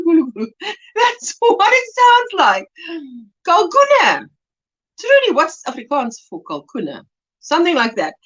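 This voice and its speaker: A woman's voice: high-pitched, a bit bright, highs cut off. A woman with a South African accent hosting a casual crochet livestream, chatty and laughing often as she reads the chat aloud from her phone.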